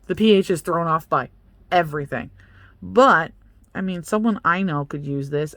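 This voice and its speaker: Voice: mid-range voice, expressive, a little fast, a bit bright, dry recording. A young adult beauty vlogger in casual unboxing chat, chatty and playful, joking about themself and talking straight to the products. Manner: self-mocking.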